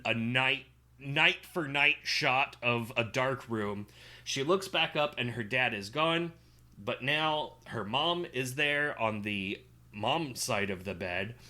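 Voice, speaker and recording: A man co-hosting a podcast, giving a steady play-by-play summary of a film with light fillers. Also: mid-range voice. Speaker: podcast co-host. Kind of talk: casual chat recapping a film.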